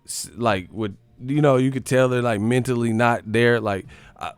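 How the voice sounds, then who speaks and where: Bay area guy ranting on a sports stream, cussing, animated and laughing, dry close sound. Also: mid-range voice, normal speed, clean tone, dry recording, faint music behind. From San Francisco Bay Area. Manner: profane, animated, laughing often. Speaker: host of a sports live stream. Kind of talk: comedic sports rant.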